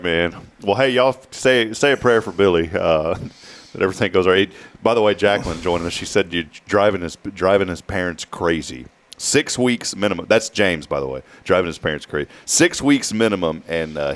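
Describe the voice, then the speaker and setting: Deep-voiced joking talk host. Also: male voice, animated, moderate pace. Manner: joking, rambling, drawls out key words. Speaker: morning show host. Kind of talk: casual radio talk show chat.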